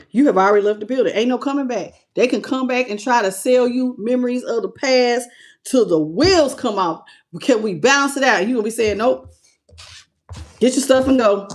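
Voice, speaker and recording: A woman with a slight country twang, reading tarot on a live stream and greeting her viewers with pet names. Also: high voice. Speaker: tarot reader.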